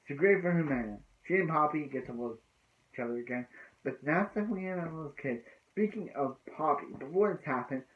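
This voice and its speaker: Rambling man recapping a TV episode. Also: medium pitch. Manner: rambling, many restarts and "so yeah" fillers. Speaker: TV episode reviewer. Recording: tinny phone-like lo-fi sound.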